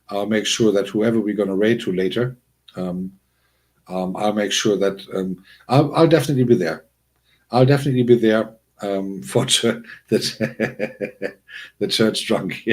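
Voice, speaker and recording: A man hosts a casual livestream and talks straight to his chat. He rambles, restarts his sentences and breaks into chuckles. His voice sits at a middling pitch and jumps high when something excites him. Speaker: livestream host.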